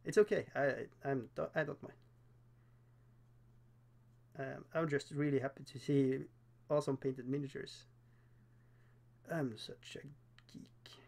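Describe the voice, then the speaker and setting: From Norway, this man speaks English as a second language with a Norwegian accent while hosting a casual livestream of himself painting miniatures. His mid-range voice is steady, gravelly, and a little mellow. He's chatty and self-deprecating, laughing often and pausing on fillers.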